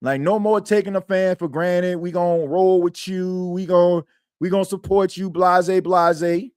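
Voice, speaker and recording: A man's voice: high voice, fairly even intonation, normal speed, warm tone, clean tone, no room sound, studio quality. A man hosting a sports podcast in casual chat, rambling and slangy, repeating himself as he talks.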